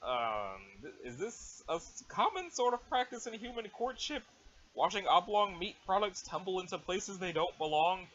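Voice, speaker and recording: A man's voice: high voice, sing-song, moderate pace, fairly bright tone, exaggerated voice. Guy doing a stiff proper alien troll girl, fancy words, kinda lo-fi mic. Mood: formal. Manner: stiff, overly formal wording.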